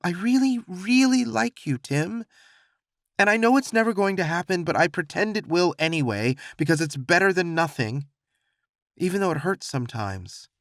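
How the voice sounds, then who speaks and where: A man's voice: high-pitched, lively intonation, normal speed, a bit bright, no room sound, studio quality, pitched above the performer's own voice. A man voicing a lovesick young man near tears. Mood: pleading. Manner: pleading, voice tight and warbling.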